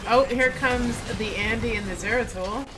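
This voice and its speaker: A woman from Canada hosting an esports stream, giving relaxed, chatty game commentary and laughing often. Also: on the high side, moderate pace. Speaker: esports caster and stream host. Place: home streaming setup. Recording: steady background noise.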